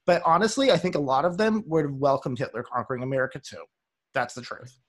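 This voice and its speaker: A man's voice: fairly high pitch, fast. A man co-hosting a podcast, speaking earnestly and laughing easily. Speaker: podcast co-host. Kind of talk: casual chat.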